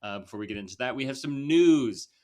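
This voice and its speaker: A man's voice: mid-range voice, animated, quick pace, mellow. A young man hosting a casual movie podcast, laid-back with lots of fillers and frequent laughter. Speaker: podcast host.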